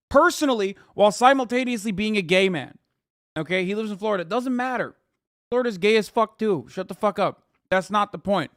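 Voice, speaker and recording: A male streamer tearing into a clip with blunt, profane and combative remarks. His voice sits a touch high. The sound is dry and close, with no room around it. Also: a bit bright, dry recording. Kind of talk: casual heated commentary.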